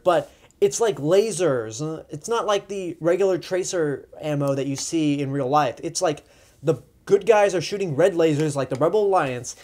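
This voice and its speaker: A man's voice: on the high side, darkish tone. A man giving casual, opinionated movie reviews, chatty and loose, with frequent ums and likes.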